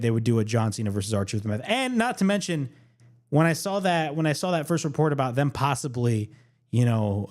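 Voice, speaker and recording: Animated man recapping wrestling on his podcast. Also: medium pitch. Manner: animated, repeats himself for emphasis. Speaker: podcast host.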